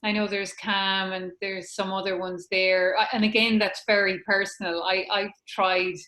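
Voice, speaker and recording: A woman's voice: mid-range voice, flat delivery, normal speed, sharp tone, roomy sound. A woman host asking questions in a casual, somewhat hesitant chatty way. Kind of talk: casual chat.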